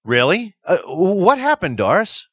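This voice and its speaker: A man's voice: sits high, huge pitch swings, measured pace, a bit bright, husky, dry recording, studio quality, exaggerated voice. A man playing a stammering, flustered counselor. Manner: stammering, pleading.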